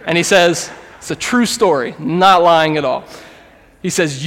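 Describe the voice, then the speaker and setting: List: man, pastor, thirties, earnest, conversational sermon, slightly high voice, reverberant church hall. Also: a little slow, fairly bright tone. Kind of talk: sermon with prayer and storytelling. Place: church sanctuary. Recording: long reverb of a large hall.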